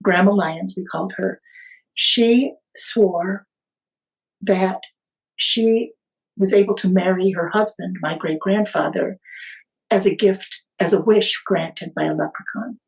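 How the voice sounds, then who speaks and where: A woman guest on a podcast, telling a family story in an unhurried, vivid way. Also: mid-range voice, creaky, rough recording.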